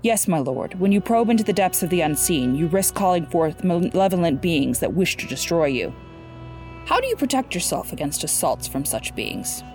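Cautious male sorcerer, measured and deferential, faint music bed, read by a woman. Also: fairly low pitch, big pitch swings, a little mellow.

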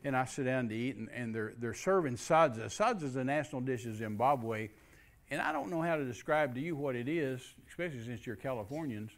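A man preaching, telling a story in a folksy, animated way and acting out what people said. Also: mid-range voice, a little fast. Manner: folksy, animated, acts out quotes. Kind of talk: storytelling sermon.

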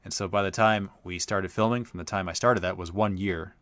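Low, punchy male host spinning a rambling casual anecdote, recorded dry. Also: steady tone, a little fast, fairly bright tone, no room sound. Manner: chatty, rambling, lots of uh fillers. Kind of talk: casual storytelling.

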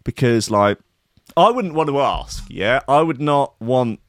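A man's voice: mid-range voice, lively intonation, a little slow, dry recording. Rambling sardonic man, dry sound. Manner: rambling, sardonic, sweary, self-mocking. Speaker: comedian host. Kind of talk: comic news riff.

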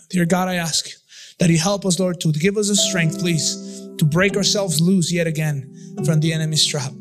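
A man's voice: high voice, fairly even intonation, moderate pace. A male pastor leading a church prayer and sermon, impassioned, repeating phrases and half-singing some lines. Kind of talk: sermon and altar-call prayer. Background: instrumental music.

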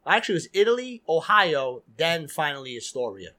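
Chatty New York guy, a bit high-voiced, rambles with fillers as a podcast guest. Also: a little fast. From Queens, New York. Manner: animated storyteller, heavy filler "like" and "you know". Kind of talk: casual chat.

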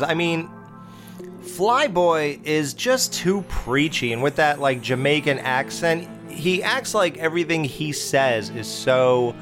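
A man hosting a casual film review podcast, blunt and opinionated, rambling with fillers as he recaps scenes. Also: medium pitch. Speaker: podcast host.

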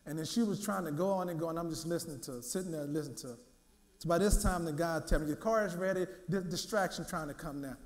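Male minister, high voice, lively storytelling sermon with lots of repetition. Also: quick pace, reverberant. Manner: lively storytelling, repeats words, acts out quotes. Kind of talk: sermon with personal testimony.

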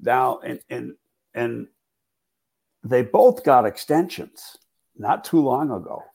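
Gravelly man, measured football talk. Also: medium pitch, lively intonation, darkish tone. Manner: measured, hesitant, many restarts. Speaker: football analyst, co-host.

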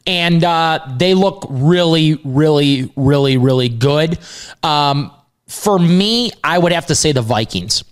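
A man's voice: fairly high pitch, expressive, slow pace, clean tone. A man co-hosting a sports betting podcast, making emphatic points and repeating words for stress. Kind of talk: casual sports betting chat.

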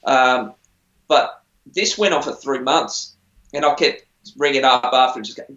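Unhurried and fairly bright, a middle-aged male musician with a medium-pitched voice shares stories during a casual interview on a TV singing show. He's rambling, chatty and self-deprecating. The recording sounds roomy, dull and lo-fi.

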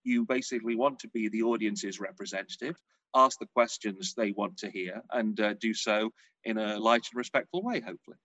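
A man's voice: fairly low pitch, brisk, dry recording, low-quality recording. A middle-aged man, a showbiz journalist telling stories in a casual interview. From England. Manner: chatty storyteller, animated.

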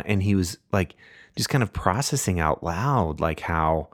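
A middle-aged man hosting a podcast, telling a family story casually with frequent laughs and lively voices for the people he quotes. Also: sits low, a little slow, no echo, studio quality. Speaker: podcast host.

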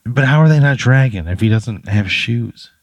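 A man co-hosting a podcast, firing off quick, incredulous questions and reactions in casual banter. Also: mid-range voice, animated, dry recording. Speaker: podcast co-host.

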